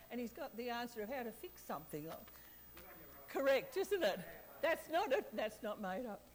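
Woman preacher, slightly high voice, lively, quizzes the congregation. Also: moderate pace, rough recording. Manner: lively, questions the audience, laughs often. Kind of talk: sermon.

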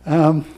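A man's voice: a little high, a little mellow, slightly rough, long reverb tail. A man preaching a sermon, reading scripture and talking personally in a conversational way with frequent restarts.

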